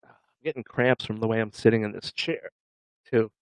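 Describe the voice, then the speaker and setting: A man's voice: fairly low pitch, moderate pace, dry recording, low-quality recording. A man hosting a casual livestream, joking with viewers and laughing often. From Massachusetts. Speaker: livestream host.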